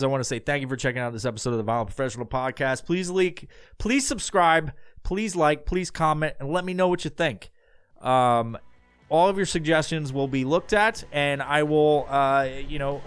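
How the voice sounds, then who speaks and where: A man's voice: a little high, clear, resonant tone, no room sound. A man hosting his own podcast alone, talking in a loose, rambling way with lots of swearing. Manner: rambling and profane, with many fillers. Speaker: podcast host. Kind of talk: casual solo podcast monologue.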